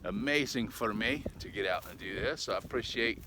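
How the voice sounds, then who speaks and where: A man's voice: fairly low pitch, moderate pace. An older man talking casually while walking his dogs outdoors on a country road, folksy and chatty, tagging "eh?" onto his lines and a little out of breath. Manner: folksy, talkative, ends lines with "eh?". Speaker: vlogger. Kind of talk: casual rambling monologue. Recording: noisy outdoor recording. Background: dogs and rural outdoor sounds.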